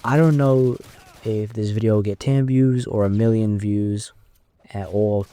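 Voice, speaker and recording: Mellow young man musing in his car. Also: fairly low pitch, no room sound. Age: 20s. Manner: unscripted, rambling, thinking aloud. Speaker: YouTuber. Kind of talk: casual reflective monologue. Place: inside a car.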